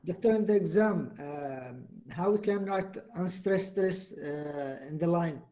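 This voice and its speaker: A male student on a video call asking his lecturer a halting, hesitant question. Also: fairly high pitch, mellow.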